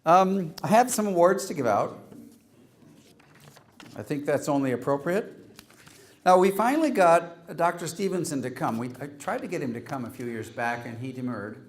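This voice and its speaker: A man's voice: a little high, animated, normal speed. Wry man handing out joke awards. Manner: wry, teasing, reads Latin quotes aloud. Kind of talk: humorous after-dinner award speech.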